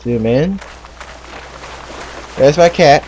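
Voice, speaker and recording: A man's voice: a little high, animated, extremely slow, darkish tone, a little hiss or hum. A man giving casual commentary as he plays a game, chatting and thinking aloud about what to do next. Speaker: gamer.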